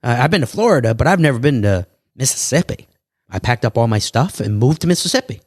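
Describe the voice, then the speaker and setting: A man, a guest on a podcast, telling his life story in a lively way and acting out other people's lines. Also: mid-range voice, dry recording, clean studio sound. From New York. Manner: animated, quick storytelling with acted quotes.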